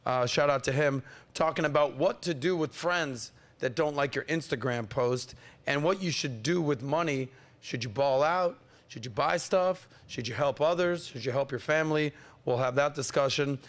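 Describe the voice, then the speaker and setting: High-energy male podcast host, rather high. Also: normal speed. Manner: energetic, playful hype-man delivery with teasing asides. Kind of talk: hyped-up casual podcast hosting.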